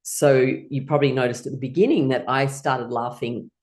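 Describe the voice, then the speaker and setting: Low-voiced cheerful woman laughter teacher. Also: moderate pace, a little mellow. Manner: cheerful, encouraging, breaks into laughter easily. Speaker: laughter yoga instructor. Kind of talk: leading an online laughter class.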